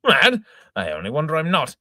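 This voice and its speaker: A man voicing a hot-tempered old gentleman who sputters oaths and exclaims indignantly, in an amateur reading of an old farce. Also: a little high, huge pitch swings, a little fast, no room sound, clean studio sound, exaggerated voice.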